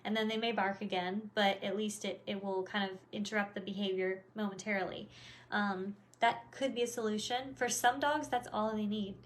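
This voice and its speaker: A woman's voice: medium pitch, level tone, moderate pace. A woman dog trainer explaining things in a casual, rambling way, with lots of fillers and restarts.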